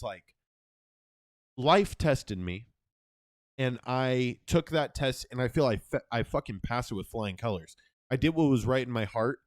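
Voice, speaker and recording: A young man co-hosting a casual podcast, telling a story in a profane, animated way. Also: mid-range voice, dry recording, clean studio sound. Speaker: podcast co-host.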